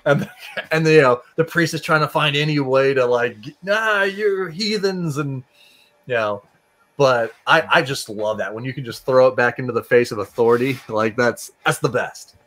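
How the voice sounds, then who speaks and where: A man hosting a casual book discussion, retelling scenes and acting out characters in quick voices. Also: medium pitch, fairly even intonation, fairly bright tone.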